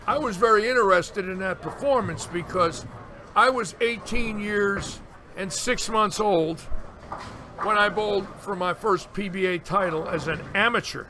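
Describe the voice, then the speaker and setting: Guy in his 60s yarning away, acts out what people said, noisy recording. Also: high-pitched. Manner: animated storyteller, acts out quotes. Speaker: bowling commentator. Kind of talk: storytelling in casual chat. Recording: noticeable background noise.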